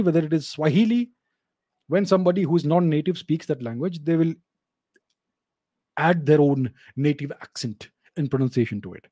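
A man's voice: on the high side, warm tone, no echo, studio quality. A man, hosting his channel and answering viewer questions in an emphatic monologue that often repeats and restarts phrases. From India.

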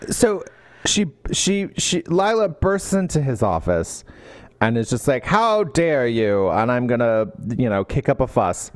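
A man co-hosting a podcast, chatting casually about a book and acting out characters' lines in quick quoted voices. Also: mid-range voice, expressive. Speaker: podcast co-host.

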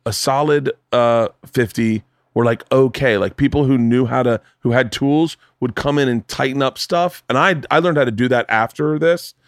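A man hosting a podcast, telling a story in casual chat, animated and swearing, acting out other people's voices. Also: medium pitch, normal speed, hardly any pauses, no room sound, clean studio sound. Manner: animated, swears, acts out quoted voices loudly. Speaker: podcast host. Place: home studio room.

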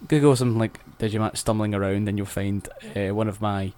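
A man's voice: fairly low pitch, fairly even intonation, fast, a little mellow. Joking man on a podcast. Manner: joking, laughs often. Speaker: podcast guest. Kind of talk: casual chat.

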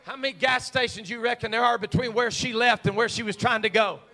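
A man's voice: extremely high pitch, steady tone, brisk, pushed and bright, faint music behind, a faint crowd. A man, a pastor, preaching a sermon and telling a personal story in a conversational way.

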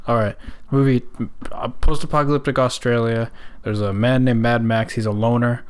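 A man's voice: medium pitch, fairly even intonation, normal speed, smooth. Enthusiastic, swearing male podcast co-host. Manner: enthusiastic, profane, emphatic. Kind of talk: casual chat.

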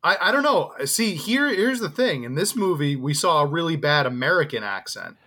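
Bright-voiced, rambling male podcast co-host. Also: a little high, sing-song, normal speed. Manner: rambling, laughs often, many restarts. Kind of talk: casual podcast chat.

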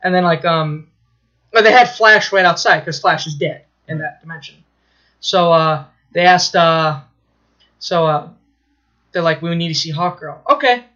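A man co-hosting a podcast, excitedly retelling a plot in casual chat, swearing freely and restarting his sentences. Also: on the high side, unhurried, pauses often, lo-fi sound.

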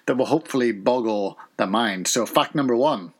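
A man co-hosting a playful family podcast, giggly and animated as he reads out odd facts. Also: medium pitch, moderate pace. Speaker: podcast co-host, father. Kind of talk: casual chat, playful fact segment.

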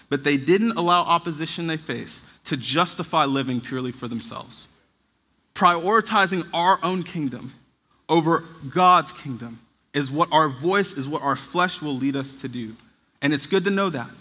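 A man's voice: on the high side, pushed and bright, slightly rough. A man in his thirties preaching a sermon in an earnest, conversational way, now and then acting out what other people say. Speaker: pastor. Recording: long reverb of a large hall.

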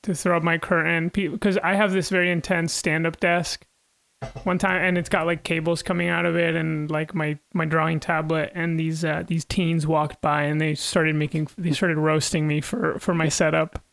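A man co-hosting a podcast from home, chatting casually in halting, self-mocking bursts. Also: fairly high pitch, level tone, gravelly, fairly bright tone. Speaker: podcast co-host running the control board. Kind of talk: casual banter.

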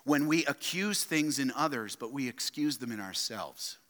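A man preaching a sermon, swinging between loud emphatic outbursts and quiet, low asides, often asking his listeners rhetorical questions. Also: expressive, normal speed, big-room sound. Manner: addresses listeners as "loved ones" and asks rhetorical questions. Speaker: pastor. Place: church sanctuary.

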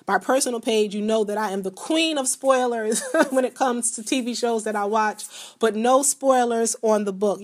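A middle-aged woman hosting her own podcast, talking candidly and chattily, addressing her listeners directly. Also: medium pitch. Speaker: podcast host. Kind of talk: casual personal podcast monologue.

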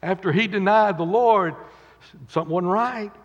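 A man preaching a sermon in a church, dramatically acting out quotes and swinging between loud and quiet. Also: high-pitched, normal speed. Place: church sanctuary. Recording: dull echoey church recording with long reverb.

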